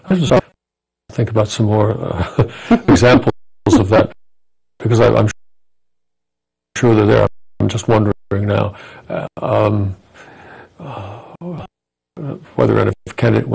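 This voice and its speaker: A man being interviewed as an author on public-access television, speaking in a measured, thoughtful way and quoting famous speeches from memory. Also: on the low side, gravelly, darkish tone, slightly rough, low-quality recording.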